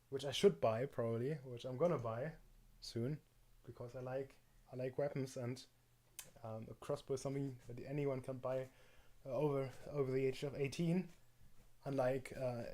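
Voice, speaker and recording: A man's voice: mid-range voice, mellow. Rambling, hesitant man chatting on a stream. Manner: rambling, hesitant, lots of restarts. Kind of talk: casual chat.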